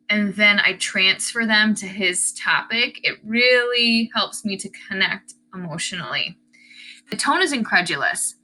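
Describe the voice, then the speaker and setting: Over poor audio, a woman's sharp, mid-range voice explains the tone and word choice of an essay. As a teacher, she reads out passages and then remarks on each.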